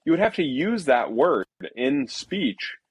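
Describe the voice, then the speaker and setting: A man's voice: a little high, big pitch swings, unhurried, slightly rough, no echo. A man co-hosting a podcast in casual, jokey, rambling chat. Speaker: podcast co-host.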